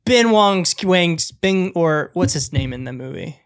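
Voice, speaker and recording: Chatty man, fairly high voice. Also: lively intonation, measured pace, clean tone. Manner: rambling, restarts often, retells scenes. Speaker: podcast co-host. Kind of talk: casual film review chat.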